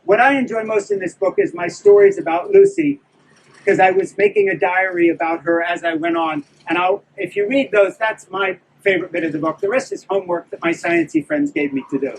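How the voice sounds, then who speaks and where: A man's voice: high-pitched, lively intonation, brisk, gravelly, recorded from a distance, slight background noise, rough recording. An older man, an author, giving a candid, self-deprecating live talk to an audience about his book. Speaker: author speaking at a book event.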